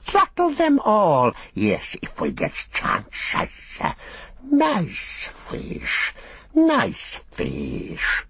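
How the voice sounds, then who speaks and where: A man voicing a wretched, sly male creature who hisses and wheedles in halting phrases, for an audiobook. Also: sits high, huge pitch swings, vocal fry, fairly bright tone, breathy edge, voice pushed up, heavily acted. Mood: gloating. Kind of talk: audiobook character voice. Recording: dull, muffled recording.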